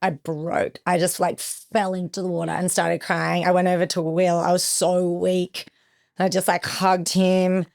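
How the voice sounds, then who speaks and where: Lower-voiced young woman telling a survival story. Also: little pitch movement, measured pace, creaky, darkish tone. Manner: vivid retelling with acted-out quotes. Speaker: podcast guest. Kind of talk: emotional personal storytelling.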